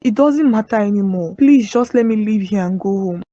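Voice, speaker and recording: A woman's voice: medium pitch, a little fast, mellow, natural voice. A woman with a Nigerian accent voicing a frightened pregnant young woman in a cartoon drama. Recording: dull lo-fi sound.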